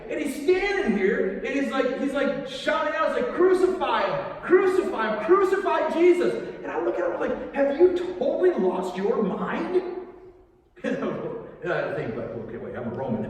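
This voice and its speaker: A man acting a troubled Roman soldier who builds crosses, telling his story in a rambling, halting way in a church monologue. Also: very high-pitched. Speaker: actor in a church Easter monologue. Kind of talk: dramatic monologue. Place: church sanctuary. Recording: echoey church hall, mic far off.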